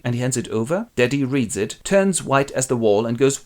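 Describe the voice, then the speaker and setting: A man telling a classic play as comedy with toy figures, in a wry, deadpan way. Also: medium pitch, normal speed, few pauses. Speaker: presenter retelling a play. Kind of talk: comic storytelling with toy figures.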